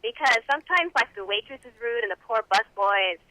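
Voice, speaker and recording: A woman's voice: on the high side, lively intonation, brisk, bright, forceful tone, dry recording. A woman calling into a radio show with a hesitant question, saying "like" a lot, over a tinny phone line. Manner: hesitant, full of "like". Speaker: caller.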